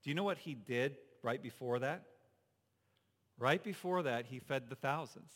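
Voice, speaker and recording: A man's voice: mid-range voice, normal speed, in a large hall. A male pastor preaching a sermon in a conversational way, asking the congregation rhetorical questions, in a church sanctuary.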